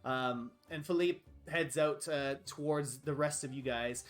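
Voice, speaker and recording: A man's voice: mid-range voice, measured pace, faint music behind. A man narrating a tabletop game as game master, chatty and full of fillers, often laughing.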